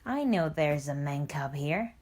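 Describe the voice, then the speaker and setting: A woman voicing a greedy, menacing male tiger in a storybook, speaking slowly and demandingly. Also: low voice, lively intonation, darkish tone, pitched below the performer's own voice. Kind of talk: storybook reading.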